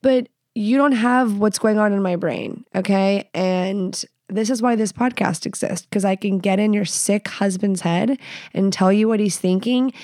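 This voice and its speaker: A woman's voice: medium pitch, unhurried, darkish tone, dry recording, studio quality. A woman in her thirties hosting her own podcast, talking in a candid, crude and self-mocking way, swearing often and peppering her speech with "like". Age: 30s. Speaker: podcast host. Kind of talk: casual solo podcast monologue.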